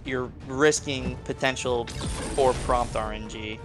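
Mid-pitched man breaking down game fights. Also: steady tone, unhurried. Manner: thoughtful, analytical, weighs options aloud. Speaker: co-host on a gaming stream. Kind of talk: casual live-stream chat. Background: game music.

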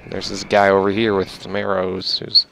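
Young male gamer, low gravelly voice, rambling play-by-play with sudden mock-furious swearing. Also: monotone, normal speed, pushed and bright, slight background noise. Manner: rambling, swears at enemies, mock-angry outbursts. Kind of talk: casual gameplay commentary.

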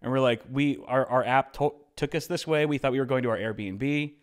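Animated man telling a story casually. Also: medium pitch, brisk, clear, resonant tone. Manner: animated, acts out quoted voices. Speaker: podcast co-host.

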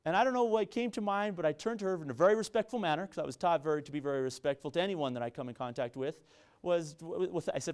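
His voice is a little high, darkish and clean, moving at a quick pace with few pauses. This middle-aged business professor at a university, who has a San Luis Valley Colorado accent, addresses students in an earnest public lecture, repeating himself and frequently restarting phrases.

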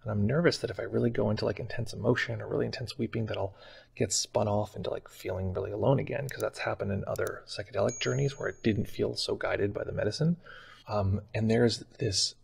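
A man speaks in a low, flat voice with heavy vocal fry and a husky, breathy grain. He recounts a personal experience softly and haltingly, with frequent pauses and fillers. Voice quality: gravelly, husky. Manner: soft-spoken, halting, many fillers. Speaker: meditation channel host. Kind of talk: personal reflective account.

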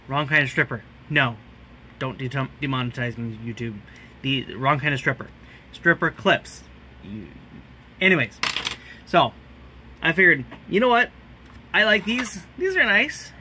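Bright-voiced joking man reviewing gear. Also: a little high, a little hiss or hum. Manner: jokey, rambling, self-mocking asides. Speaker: channel host. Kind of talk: casual gear review vlog.

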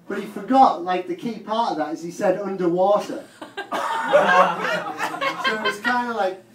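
This Teesside-accented comedian from the north of England performs a profane, wandering stand-up set at a comedy club, chuckling at his own material. He speaks in a high, slightly bright voice, a little slowly with long pauses, and the live recording is noisy, roomy, and distant.

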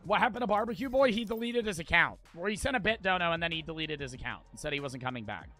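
High, lively, ranting streamer man. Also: fast, faint music behind. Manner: profane, ranting, talks to chat. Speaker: live streamer. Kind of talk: casual gaming stream chat.

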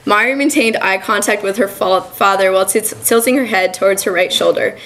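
A young woman student reading her own short story aloud at a college reading, in an even, measured manner. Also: mid-range voice, low-quality recording. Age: young adult. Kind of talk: literary reading.

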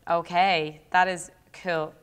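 A woman's voice: lowish voice, level tone, slow pace, smooth. A young Irish woman co-hosting a lesson, chatting and thinking aloud as she demonstrates a build. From Ireland. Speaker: co-host teacher. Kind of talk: casual classroom demo while playing.

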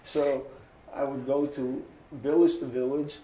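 A man in his sixties telling stories in an oral history interview, lively and anecdotal, often chuckling. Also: mid-range voice, a little slow, echoey room, a little hiss or hum, rough recording. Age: 60s. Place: interview booth.

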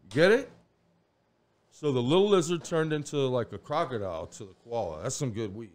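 A man's voice: mid-range voice, animated, normal speed. A man chatting casually as a podcast guest, rambling and telling crude stories. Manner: rambling storyteller, crude humor.

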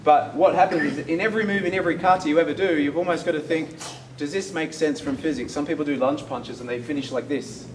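Australian karate instructor in an echoey hall. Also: male voice, a little high, quick pace, hardly any pauses. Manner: explains step by step, asks "hey?" for agreement, shouts counts. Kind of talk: teaching a workshop class. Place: large echoey training hall. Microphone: camera mic from a distance. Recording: echoey hall, far from the mic, room noise.

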